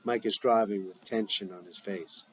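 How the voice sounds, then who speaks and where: Guy reading out script stage directions, plain and even, steady delivery. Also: fairly low pitch, normal speed, slightly rough, poor audio. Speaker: script reader.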